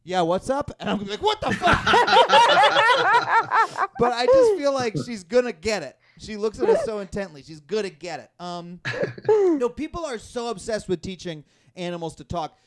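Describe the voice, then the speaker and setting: A man's voice: sits high, huge pitch swings, a little fast, a little mellow, a little hiss or hum. A man hosting a live stand-up comedy show, rambling and self-deprecating, often laughing at his own jokes. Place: live comedy venue with audience.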